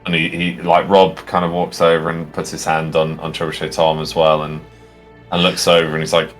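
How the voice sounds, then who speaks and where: A man narrating as game master of a tabletop role-play, halting and full of fillers and restarts. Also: a bass voice, monotone, a bit bright, faint music behind.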